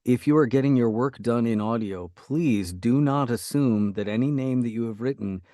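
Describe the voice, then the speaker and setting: A man's voice: medium pitch, normal speed, warm tone, dry recording. A man, an audiobook narrator, chatting casually as a podcast guest, swearing freely and sliding between regional accents. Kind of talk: casual chat, showing off accents.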